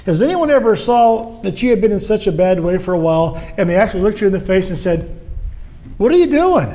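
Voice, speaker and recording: High-voiced man preaching a sermon. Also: a little mellow. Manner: earnest, shifts into quoted voices of the devil.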